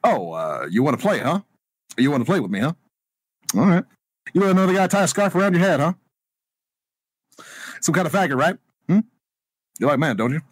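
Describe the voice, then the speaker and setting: A man doing a slow taunting president impression. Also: on the high side, sing-song, breathy edge, no echo.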